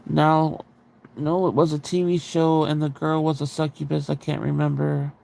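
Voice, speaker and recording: Gravelly middle-aged man, animated storyteller. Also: on the high side, moderate pace. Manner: animated, rising sharply when quoting himself, swearing. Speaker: book club stream host. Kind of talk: casual storytelling chat.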